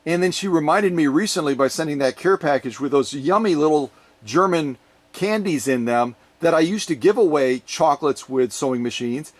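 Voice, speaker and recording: Chatty, slightly high-voiced man vlogging. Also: expressive, moderate pace. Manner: chatty and playful, with jokey asides. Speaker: sewing machine restorer and channel host. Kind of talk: casual vlog chat to viewers.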